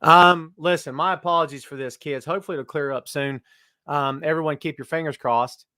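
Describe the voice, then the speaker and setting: High-voiced, jokey man hosting a live show. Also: fairly even intonation, a little fast, bright, forceful tone, no echo, studio quality. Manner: jokey, teasing, greets viewers by name. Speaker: host of a live wrestling talk show. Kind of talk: casual live-stream chat.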